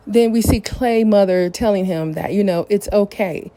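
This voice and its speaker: A woman's voice: medium pitch, moderate pace, mellow. A woman hosting a podcast, recapping a reality show in a candid, opinionated, casual way. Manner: opinionated, candid, retells scenes in detail. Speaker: podcast host.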